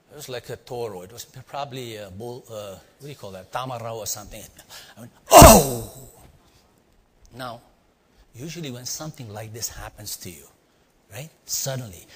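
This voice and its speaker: A middle-aged man with an Indian accent spins a lively story for a live audience, calling out questions and acting out sounds. His voice is a little husky and sits at an ordinary pitch. A long reverb from the large hall trails behind every line. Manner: animated, playful, asks the audience questions, acts out sounds. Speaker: storytelling speaker on leadership.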